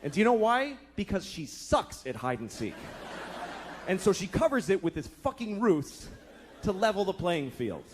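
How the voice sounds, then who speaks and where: Stand-up comic, male, thirties. Exasperated, profane, very animated delivery. Noisy club recording. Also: sits high. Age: 30s. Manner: profane, exasperated, acts out characters in quick asides. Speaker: stand-up comedian. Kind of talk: stand-up comedy set.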